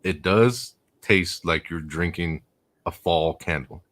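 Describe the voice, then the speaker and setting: Low-voiced laid-back male host. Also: takes it slowly, a bit bright. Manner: laid-back, asks questions, reads comments. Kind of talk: casual chat.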